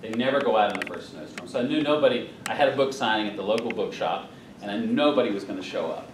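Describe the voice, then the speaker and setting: Telling humorous stories as the guest speaker at a club meeting, this folksy middle-aged man from North Carolina chuckles through his punchlines. His voice is fairly low and he talks fast. Recorded on a distant room mic in a meeting hall, the audio is roomy with background noise.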